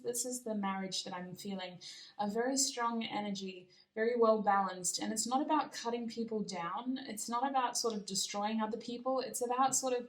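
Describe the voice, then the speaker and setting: A woman's voice: medium pitch, distant mic. Woman tarot reader, casual and rambling, roomy echo, a bit off-mic. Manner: rambling and self-correcting, with soft laughs. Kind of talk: casual spoken tarot reading.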